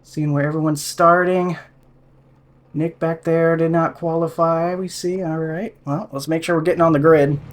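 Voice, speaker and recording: A man giving casual live commentary while sim racing from home, thinking aloud, a little out of breath, laughing softly at himself. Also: a little high, fairly even intonation, moderate pace. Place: room at home.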